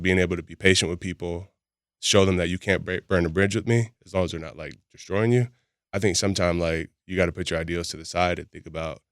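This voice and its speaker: Male podcast guest, rapid and candid storyteller, deep voice with a dry studio sound. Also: a bit bright, no echo. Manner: candid, laughs often while telling stories. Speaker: podcast guest, boxing gym founder. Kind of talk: casual storytelling chat.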